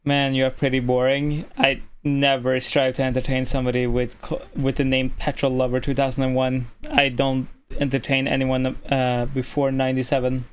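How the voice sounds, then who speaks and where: A man's voice: mid-range voice, monotone, normal speed, few pauses, clear, resonant tone. A man from Norway streaming live, ranting at his chat in a profane, irritated way.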